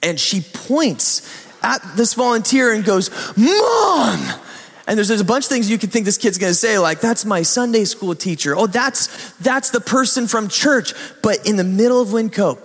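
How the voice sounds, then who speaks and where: A man preaching a sermon, telling stories in an animated way and acting out little voices. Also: high-pitched, normal speed, big-room sound. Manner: animated storytelling, acts out voices. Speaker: pastor.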